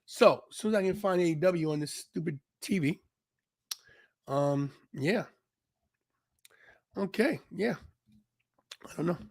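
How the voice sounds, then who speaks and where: A man's voice: sits high, unhurried, long pauses, dry recording, clean studio sound. A man hosting a wrestling watch-along live stream. He rants brashly and rambles with restarts. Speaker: wrestling podcast host.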